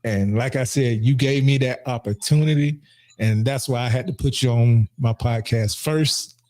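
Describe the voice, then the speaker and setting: A man's voice: medium pitch, normal speed, dark tone. A man hosting a casual podcast, talking earnestly and often repeating and restarting his words. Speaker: podcast host and barber. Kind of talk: casual heartfelt conversation.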